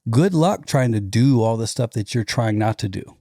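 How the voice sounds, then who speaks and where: A former pastor in his forties talks through faith on a podcast in a relaxed, animated way, slipping into mocking voices for the people he describes. His voice is warm and mellow, and it sits close and dry on a studio mic. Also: medium pitch, normal speed, dry recording. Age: 40s. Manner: lively storytelling with mocking quoted voices and restarts. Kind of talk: casual conversation.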